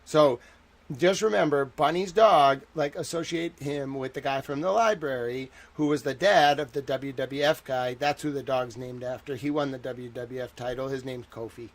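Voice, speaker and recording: A man's voice: mid-range voice, fairly even intonation, normal speed. A young man hosting a livestream, chatting casually and rambling animatedly while reacting to viewer chat. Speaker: livestream host.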